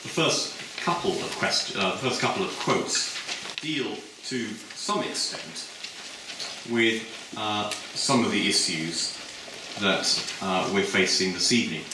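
A middle-aged man giving a public lecture in a measured, discursive way, with many filled pauses. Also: lowish voice, background noise. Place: lecture hall. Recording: echoey hall from a distant mic.

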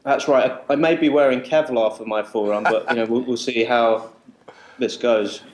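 A man's voice: mid-range voice, fairly even intonation, normal speed. A male comedian answering interview questions over a video call with dry, self-mocking humor. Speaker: comedian guest. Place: remote location in London. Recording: echoey video call audio.

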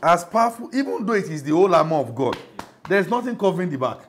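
A man's voice: high voice, very animated, fast, a little hiss or hum. A middle-aged Nigerian man preaching a sermon as pastor, emphatic, often asking the congregation if they follow.

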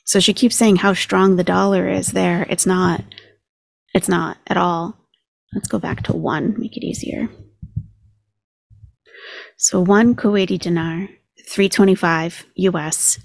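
A woman's voice: lowish voice, steady tone, measured pace, creaky, long pauses, no room sound. A woman hosting a commentary channel, chatting casually and sarcastically as she talks numbers through aloud.

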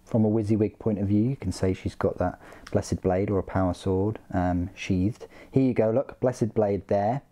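A man's voice: lowish voice, fairly even intonation, normal speed, warm tone. A man hosting a casual hobby unboxing, talking in a chatty, joking way with frequent ums and uhs. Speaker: hobby channel host.

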